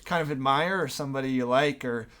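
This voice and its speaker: A man's voice: medium pitch, fast, a bit bright. A man interviewing a guest, mostly giving short agreements, then reflecting in a casual way.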